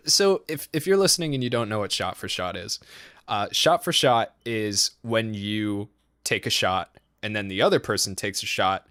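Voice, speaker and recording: A man's voice: lowish voice, a bit bright, no echo, studio quality. Laughing, profane young man telling a story. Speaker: podcast co-host. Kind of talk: casual storytelling chat.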